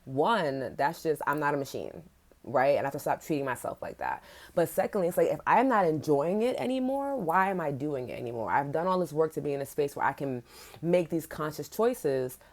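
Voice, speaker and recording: A woman's voice: sits low, animated, a little fast, darkish tone. A woman hosting a casual livestream podcast, talking candidly and chattily with frequent "like"s and casual swearing. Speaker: podcast host.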